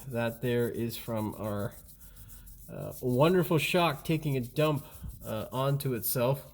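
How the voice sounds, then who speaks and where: A man's voice: medium pitch, darkish tone. A man hosting a hands-on car repair tutorial, talking in a casual, blunt and mildly profane way, recorded on a camera mic in a garage workshop. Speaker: mechanic and channel host.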